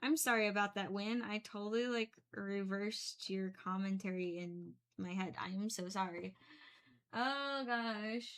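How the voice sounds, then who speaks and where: A woman's voice: mid-range voice, measured pace, a bit bright, clear, resonant tone. A young woman chatting casually while she paints, rambling with many fillers and small giggles. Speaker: painting streamer.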